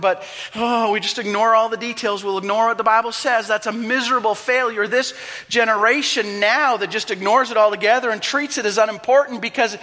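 A man preaching a sermon as pastor, telling stories dramatically and swinging from hushed to loud and impassioned. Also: high voice, in a large hall. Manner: impassioned, dramatic storytelling with wide swings in loudness.

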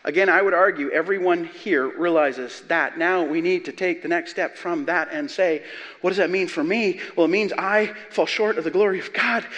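A man's voice: sits high, fairly bright tone. A man preaching a sermon as pastor, emphatic and building to passionate peaks. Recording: long reverb of a large hall.

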